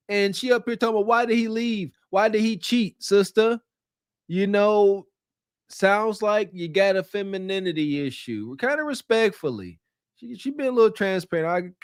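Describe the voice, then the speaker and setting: High-voiced man, blunt and mocking. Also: no room sound, studio quality. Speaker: podcast co-host. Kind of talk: casual commentary.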